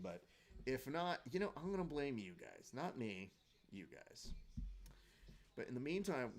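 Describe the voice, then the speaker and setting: A man hosts a live stream where viewers watch fights together, talking in a loose, joking way and reading their comments aloud. His voice sits at a middling pitch, neither deep nor high. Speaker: host of a live fight watch-along show.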